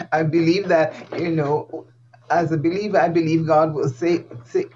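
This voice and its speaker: A woman's voice: low voice, steady tone, unhurried, warm tone, a little hiss or hum. A woman guest speaks earnestly in a conversational interview, stressing her points and repeating key phrases, with frequent light laughs. Her voice comes through slightly dull, lo-fi audio.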